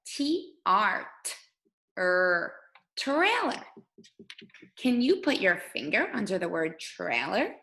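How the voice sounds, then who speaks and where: Slow, sing-song woman teacher. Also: fairly low pitch, sing-song, gravelly, bright, forceful tone, poor audio. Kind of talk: guided reading lesson for young children.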